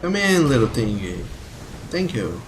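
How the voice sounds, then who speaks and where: A male streamer giving live gameplay commentary at an unhurried pace. He gets excitable, swears at the game, and chats with viewers. A faint hiss runs behind his voice. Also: medium pitch.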